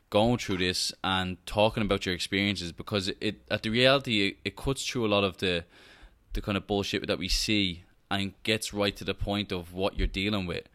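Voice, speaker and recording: A man hosting a podcast who asks questions in a halting, casual way and repeats words as he goes. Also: low-pitched, steady tone, fairly bright tone. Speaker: podcast host. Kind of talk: interview questions.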